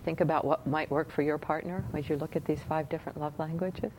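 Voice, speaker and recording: A woman's voice: deep voice, steady tone, quick pace, a little mellow, a little hiss or hum, poor audio. A woman leading a relationship workshop, chatting and asking her audience questions. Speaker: workshop leader. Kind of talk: teaching a relationship class.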